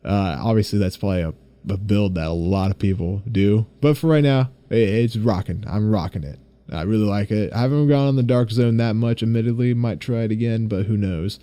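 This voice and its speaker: A young man hosting his own podcast, chatting casually and excitably, rambling and swearing freely. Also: lowish voice, brisk, smooth, no echo. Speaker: podcast host. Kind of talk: casual solo podcast chat.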